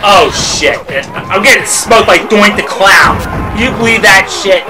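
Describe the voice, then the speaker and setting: A man commentating his own fighting game play, getting more and more frustrated, shouting at the screen, his voice going hoarse. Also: high-pitched, measured pace, poor audio. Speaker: let's play gamer. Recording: game music loud underneath. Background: game music.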